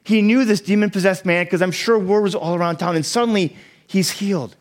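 Pastor, male, slightly high voice, explanatory sermon delivery with acted-out quotes. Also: brisk. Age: young adult to middle-aged, a parent. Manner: explanatory, acts out quoted lines dramatically.

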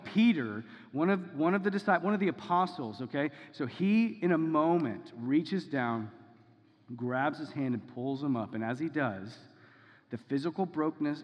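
A man with a slightly raised voice delivers a sermon in an easy, conversational way, pausing to ask "okay?" and "right?" The recording is dull, and a long reverb trails each phrase in the hall. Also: on the high side. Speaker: pastor.

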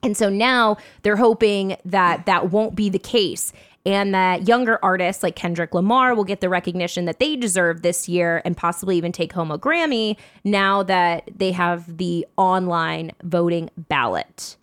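A woman's voice: on the low side, moderate pace, dry recording, studio quality. A young woman co-hosting a casual podcast, chatty and laughing often as she reads out news items. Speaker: podcast co-host. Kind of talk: casual chat.

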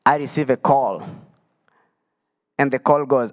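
A man from Africa standing before a church, sharing his testimony. He tells it with feeling, his voice lifting high in the joyful moments and sinking low in the hard ones. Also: measured pace, long reverb tail. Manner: emotional storytelling, voice rising and dropping with the story. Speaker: guest speaker sharing testimony.

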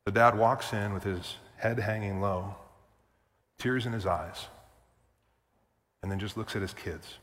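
A man's voice: on the low side, unhurried, pauses often, fairly bright tone. A male pastor preaching a sermon, emphatic and repetitive, with casual asides to the congregation. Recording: long church reverb.

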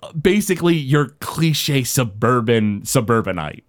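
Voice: medium pitch, expressive, unhurried. A game master narrating a tabletop game in a loose, rambling way, full of fillers and restarts.

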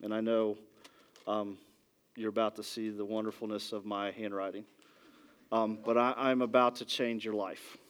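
A pastor giving a conversational sermon, a father who keeps asking "ready?" and moves between loud emphasis and quiet, soft asides. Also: lowish voice, little pitch movement, normal speed, clear, resonant tone. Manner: conversational preaching with frequent "ready?" check-ins.

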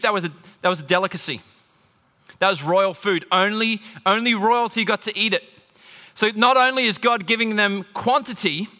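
Male pastor preaching, bright and forceful, animated, recorded in a big reverberant hall. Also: high-pitched. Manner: animated preaching, swinging from loud emphasis to hushed intimacy. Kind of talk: sermon.

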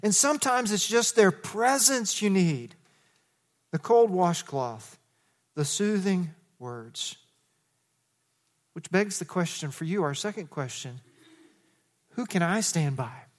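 A middle-aged man preaching a sermon in a relaxed, chatty tone, leaning on rhetorical questions. His voice sits noticeably high for a man. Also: slow pace, long pauses. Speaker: pastor.

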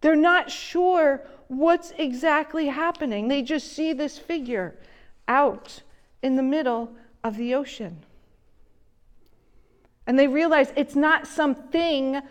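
A woman delivering a sermon in a slow, gentle way, her voice dropping soft and low when she quotes someone. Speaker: preacher.

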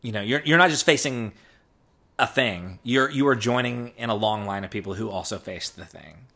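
A man's voice: lowish voice, normal speed, sharp tone. A man in casual conversation as a co-host, earnest and reflective as he explains what a song means. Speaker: co-host discussing songs. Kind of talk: casual chat.

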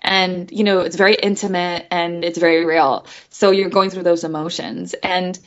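A woman who voices animated characters, chatting in a guest interview in a bubbly, giggly way and acting out the voices she quotes. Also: lowish voice, normal speed, lo-fi sound. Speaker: guest voice actress. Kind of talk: casual interview chat.

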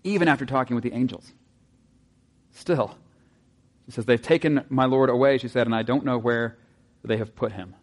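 A pastor with a mid-range voice preaches a conversational sermon at a moderate pace, leaving long pauses. He poses rhetorical questions to his listeners and drops into soft asides.

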